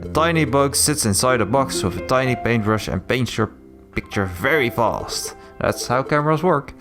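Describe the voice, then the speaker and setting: Guy doing a high chirpy naive cat girl, rich and spoiled, game voice. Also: lively intonation, moderate pace, over music, natural voice. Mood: chatty. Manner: chatty, naive.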